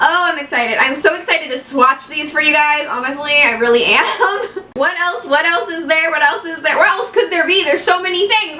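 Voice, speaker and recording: A bright, high-pitched woman chatting through an unboxing, giggling often and repeating phrases as she gushes. She sounds a bit away from the mic in an echoey room. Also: fairly quick, distant mic. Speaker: beauty vlogger. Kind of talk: excited unboxing chat. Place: home room in Florida.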